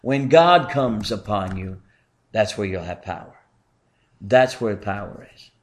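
A male pastor preaching a sermon in an earnest way, swinging from emphatic lines to hushed, slow ones. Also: lowish voice.

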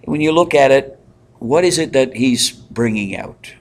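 A man leading a Bible study in a conversational way, pausing with fillers and asking the group questions. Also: medium pitch, slight background noise. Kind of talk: interactive Bible teaching.

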